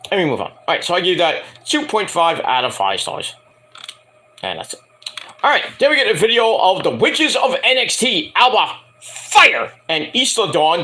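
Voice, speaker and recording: A man's voice: on the high side, bright, forceful tone. A man giving a casual review vlog, rambling and swearing, mocking people as he goes. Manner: rambling, profane, mocking rants. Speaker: wrestling show reviewer.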